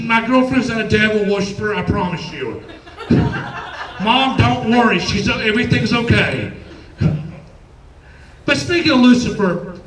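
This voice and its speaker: A man's voice: very high voice, lively intonation, a little slow, long pauses, a bit bright, echoey room, distant mic, rough recording. A man doing a stand-up comedy set, telling chatty stories and acting out quoted voices. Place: comedy club stage.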